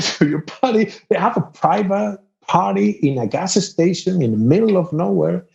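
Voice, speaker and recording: A guest musician from Spain, speaking with a Spanish accent, tells an animated story in casual chat, jumping to a much higher voice to play other people and laughing often. His voice is creaky at a normal speed with few pauses, and the recording's highs are cut off.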